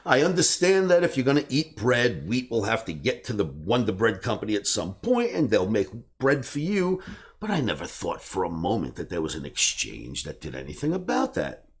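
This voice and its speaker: A man in his sixties, a trading educator, telling a personal story in an animated way and bursting into shouts when he acts out scenes. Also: on the low side, normal speed.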